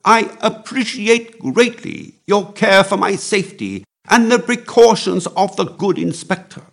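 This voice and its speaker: A man's voice: sits high, expressive, a little slow, vocal fry, pitched above the performer's own voice, heavily acted. A man doing an indignant count. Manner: gesticulating, indignant protests. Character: excitable older French count, indignant and theatrical.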